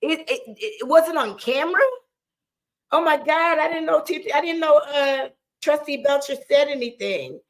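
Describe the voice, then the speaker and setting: Woman, high-pitched, casual live commentary, animated, laughing, addresses her co-hosts by name. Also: normal speed, low-quality recording. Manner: animated, laughs often while talking; talks straight to her viewers and co-hosts by name.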